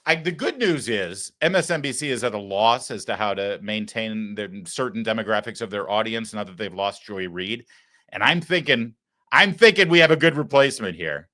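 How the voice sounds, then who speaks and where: A man's voice: lowish voice, animated, moderate pace, bright, forceful tone. A man hosting a political talk show, delivering mocking commentary with wry asides.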